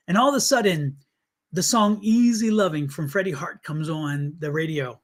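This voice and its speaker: A man's voice: fairly high pitch, normal speed. A man hosting a live tarot stream, talking to viewers in an earnest, blunt and chatty way. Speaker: tarot reader and livestream host.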